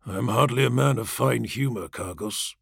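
A man reading the part of a grave, earnest male warrior-priest, speaking low, soothing and solemn, in an audiobook. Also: moderate pace, vocal fry, fairly bright tone, husky, dry recording, clean studio sound, heavily acted.

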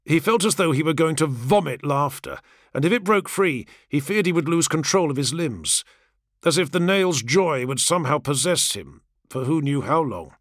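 A man narrating fiction as an audiobook in a measured, dramatic reading. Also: on the high side, expressive, no echo, clean studio sound.

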